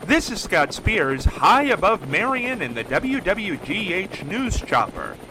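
A man's voice: high-pitched, sing-song, unhurried, noisy background. A man reading upbeat promotional announcements for a local radio station.

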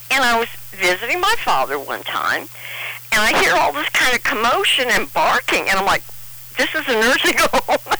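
A middle-aged woman tells a personal story. She rambles and restarts her sentences, and the telling is emotional. Her voice is bright and her pitch swings widely. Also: rough recording.

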